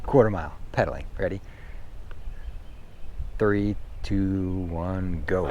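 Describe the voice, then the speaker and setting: A man's voice: deep voice, takes it slowly. Chatty older man riding outdoors. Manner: chatty, self-deprecating, breathless bursts. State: out of breath. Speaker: e-bike vlogger. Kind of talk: casual vlog commentary while riding. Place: outdoors on a high school track. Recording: outdoor noise, wind and traffic.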